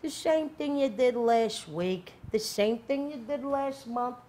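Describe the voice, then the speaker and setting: A man voicing a stern, intimidating male school dean who scolds slowly and deliberately. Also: very high voice, darkish tone.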